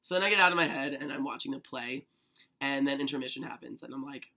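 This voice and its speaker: A young man chatting to camera, eager and excitable, packing his talk with "like". His voice has a gravelly fry under it and a bright, tense tone. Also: mid-range voice, fast. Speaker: vlogger. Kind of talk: casual storytelling to camera.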